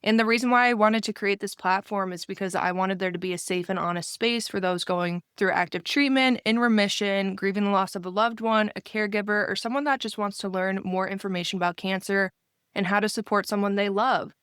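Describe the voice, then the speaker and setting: A young woman hosts a podcast, talking in an upbeat, chatty way with plenty of enthusiasm. Her voice is smooth and clear. The recording is close and dry. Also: medium pitch, fairly even intonation, brisk, fairly bright tone, no room sound. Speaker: podcast host. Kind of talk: podcast interview.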